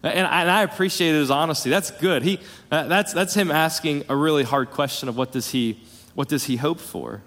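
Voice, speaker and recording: A man's voice: fairly high pitch, moderate pace, a bit bright, in a large hall. A man preaching a sermon in a church, talking earnestly with frequent restarts and repeated words, rising for emphasis. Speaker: pastor. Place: church sanctuary.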